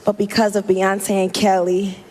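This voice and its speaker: A woman's voice: mid-range voice, flat delivery, moderate pace, a little mellow, slight background noise. Candid woman giving grateful thanks. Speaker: award recipient. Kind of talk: acceptance speech.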